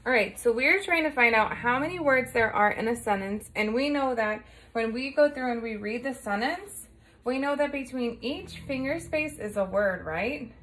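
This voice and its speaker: In a recorded morning lesson, a woman with a fairly high voice teaches small children. She is animated and speaks at normal speed, patiently and warmly encouraging the kids and checking in often as she counts along. A little hiss or hum sits in the audio.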